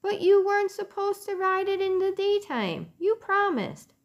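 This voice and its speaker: An eager, earnest young boy from a storybook, speaking with a raised, youthful pitch, as a woman reads him aloud. He sounds sincere and a little reproachful. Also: very animated, a little slow, full character voice.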